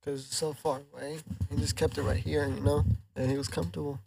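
A man's voice: fairly high pitch, flat delivery, quick pace, vocal fry, noisy background. A young man chatting casually on a podcast, rambling with lots of fillers. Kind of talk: casual chat.

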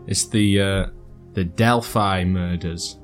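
A man's voice: sits low, fairly even intonation, slow, faint music behind. Playful man hosting a podcast. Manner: playful, rambling, jokey. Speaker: podcast host. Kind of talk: casual podcast chat.

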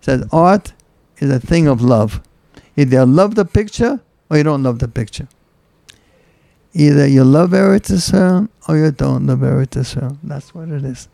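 A man's voice: fairly high pitch, lively intonation, normal speed, creaky, warm tone, no room sound. An older man, a rabbi, tells a story in conversation and presses his point with emphatic rhetorical questions. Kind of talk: conversational interview.

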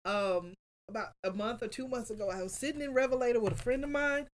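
A woman's voice: on the high side, fast talker. A woman telling an emotional personal story as a guest, earnest and confessional, close to tears. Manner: earnest, confessional, often quotes herself.

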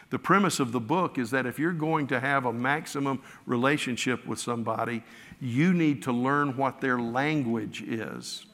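Pastor preaching in an echoing church. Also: male voice, medium pitch, fairly bright tone. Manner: storytelling, self-deprecating, with many restarts. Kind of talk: sermon. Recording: long hall reverb.

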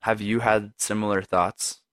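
A man's voice: on the low side, little pitch movement, a little slow, smooth, no echo, clean studio sound. A man hosting a solo podcast, talking earnestly and conversationally straight to the listener. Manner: conversational, with frequent "right?" and "like". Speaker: podcast host. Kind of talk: reflective solo podcast talk.

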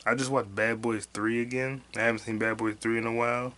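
A man hosting a solo podcast, rambling loosely and profanely, with sudden loud excited bursts. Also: medium pitch, a little fast. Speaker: podcast host and stand-up comic.

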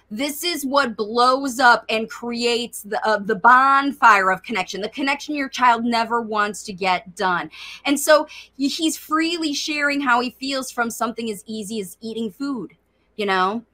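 A woman hosts a conversational interview, her voice bright and sharp. She talks energetically, laying out ideas in long, flowing stretches. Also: fairly high pitch, a little slow. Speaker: host.

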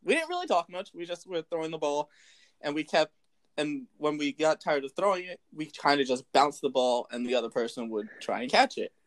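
Upbeat man telling a story, higher voice. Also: brisk. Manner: lively, acts out quoted voices. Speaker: storyteller recounting a school memory. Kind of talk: casual chat, animated storytelling.

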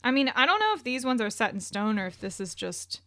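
A woman's voice: on the high side, very animated, brisk, sharp tone, no room sound, clean studio sound. A woman co-hosting a casual podcast chat, reading out descriptions with wry asides and frequent laughs. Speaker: podcast co-host.

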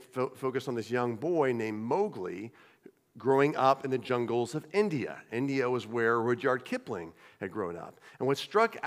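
A man preaching a conversational sermon as pastor of his church, often repeating and restarting phrases. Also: mid-range voice. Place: church sanctuary. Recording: long hall reverb.

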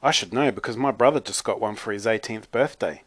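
A man's voice: on the low side, a little fast, no echo. A man playing an eager, popular teen boy. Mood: impressed. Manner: eager and excited.

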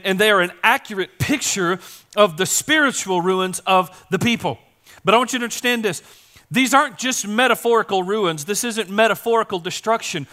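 A man preaching a sermon, passionately, his voice rising into pleas and dropping low. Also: sharp tone. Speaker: pastor.

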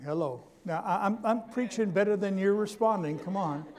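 Here a man with a high, slightly mellow voice preaches at a moderate pace. He calls out for his congregation's response, stumbles into restarts, and says his main lines more than once.

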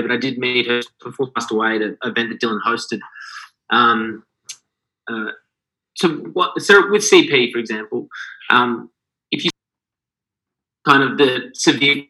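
Bright-voiced man hosting a podcast. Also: medium pitch, poor audio. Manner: rambling, earnest, heavy on fillers. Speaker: podcast co-host. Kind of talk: casual podcast chat.

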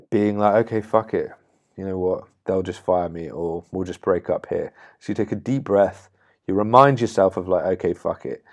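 A man giving firm, blunt coaching advice to camera, swearing freely and now and then demonstrating a low, clipped, intense tone. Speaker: confidence coach. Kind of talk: direct-to-camera advice talk.

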